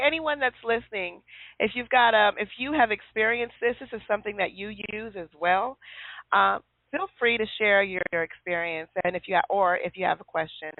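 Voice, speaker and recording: A woman's voice: mid-range voice, normal speed, no room sound. Woman host on a tinny phone line. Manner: lively storyteller who acts out quotes. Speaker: show host. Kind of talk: casual call-in radio chat.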